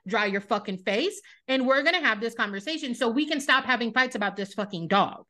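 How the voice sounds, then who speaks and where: A woman's voice: on the high side, brisk. A woman hosting a podcast, recapping a reality show in casual, blunt chat with plenty of swearing. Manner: blunt, animated, swears freely. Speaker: podcast host.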